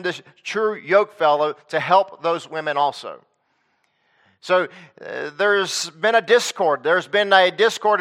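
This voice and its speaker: A man's voice: on the high side, pushed and bright. A man preaching a sermon in a conversational way, asking the congregation questions and repeating his points.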